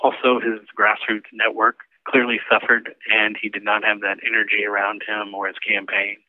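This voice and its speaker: A man's voice: lowish voice, completely flat delivery, moderate pace, no room sound. Man on a tinny phone line. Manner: conversational, with fillers. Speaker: former campaign manager. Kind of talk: interview recollection.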